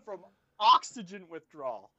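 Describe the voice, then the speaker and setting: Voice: mid-range voice, very animated, a little slow, bright, forceful tone. Rambling, profane casual storyteller. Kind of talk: casual chat. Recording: dull lo-fi dry recording.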